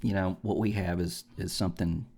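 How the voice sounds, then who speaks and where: A man's voice: low voice, steady tone, brisk, dark tone. A man from the American South, chatting on a gaming podcast, rambling and opinionated with lots of ums and restarts. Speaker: podcast host. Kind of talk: casual podcast chat.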